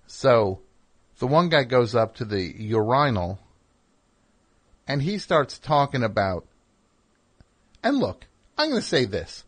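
A middle-aged man hosting a call-in radio show, telling rambling, wry, self-deprecating stories and chatting with callers. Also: on the low side. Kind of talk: casual monologue and call-in chat.

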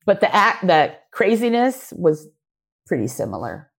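A woman talking as a guest in a casual interview, lively and excitable. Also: unhurried, gravelly, husky. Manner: animated, jumps between high and low.

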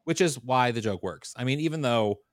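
A man's voice: medium pitch, animated, fairly quick, dry recording, studio quality. A man in his forties co-hosting a casual chat, talking in a loose, repetitive way as he thinks aloud. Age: 40s. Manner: chatty, stammers and repeats words while thinking. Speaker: podcast co-host.

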